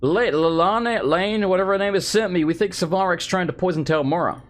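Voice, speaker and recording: A man's voice: high voice, brisk. A man with an English accent giving joking, rambling let's play commentary as a gaming video host. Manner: rambling, joking, self-deprecating.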